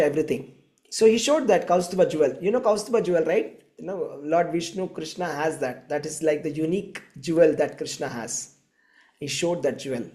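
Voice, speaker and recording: A man's voice: high voice, darkish tone. A man giving a storytelling sermon in a conversational way, often checking in with his listeners. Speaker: spiritual teacher.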